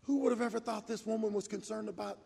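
A man in his sixties preaching a sermon, telling a personal story in a folksy, animated way. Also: sits high, fast, vocal fry, breathy edge. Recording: echoey hall reverb.

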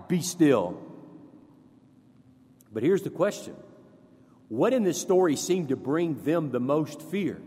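A man preaching a sermon as pastor, leading the congregation through verses in an animated way. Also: mid-range voice, breathy edge, in a large hall.

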